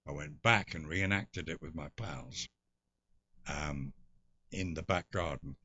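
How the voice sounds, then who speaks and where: A man's voice: a bass voice, slow pace, bright, forceful tone, breathy edge, no room sound, muffled recording. An older English man, a guest actor, telling stories in an interview with theatrical asides. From England. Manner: expansive storyteller, theatrical asides. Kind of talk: anecdotal interview talk.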